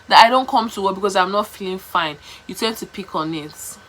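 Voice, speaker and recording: A young Nigerian woman vlogging, telling a story to camera in a chatty, animated way, repeating herself and slipping into pidgin. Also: medium pitch, brisk, few pauses, rough recording.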